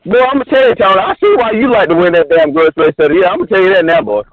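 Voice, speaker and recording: A man's voice: high voice, fast talker. A man, a drag racer boasting and trash talking on a call, repeating himself and calling out names. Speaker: drag racer, show regular. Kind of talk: casual trash talk on a call. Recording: tinny phone line.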